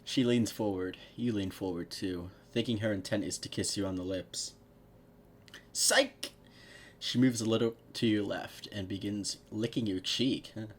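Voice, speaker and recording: A man's voice: on the low side, steady tone, moderate pace, a little hiss or hum. A man reading fan fiction aloud at home, breaking off to laugh, swear and mock the text. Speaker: fanfiction reader. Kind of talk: casual read-aloud with commentary.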